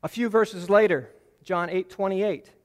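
In a large hall with long reverb, a man whose voice is fairly high delivers an earnest, explanatory Bible teaching sermon. To hammer home key phrases, he slows down and puts stress on them.

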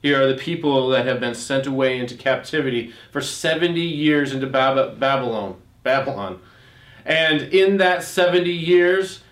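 A man's voice: mid-range voice, echoey room. A man preaching a sermon. He reads scripture aloud, comments on it, and rises on his rhetorical questions. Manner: frequent restarts while explaining.

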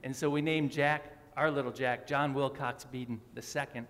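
A man's voice: medium pitch, steady tone, normal speed, fairly bright tone, slight background noise. A man preaching a sermon in a church, friendly and joking with the congregation. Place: church sanctuary. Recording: long hall reverb.

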